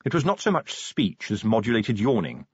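A man's voice: on the low side, huge pitch swings, moderate pace, husky, no echo, muffled recording. A man narrating a comic fantasy audiobook with a dry, wry delivery.

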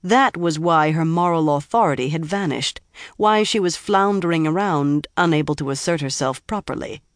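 Woman narrator, deep for a woman, measured audiobook delivery, dry close mic. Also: dry recording. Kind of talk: scripted fantasy narration.

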